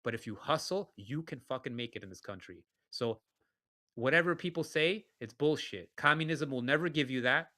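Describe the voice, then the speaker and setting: New guy ranting and swearing on a political talk show, sharp bright tone. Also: mid-range voice. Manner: blunt, profane, ranting. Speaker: podcast co-host. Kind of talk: heated political commentary.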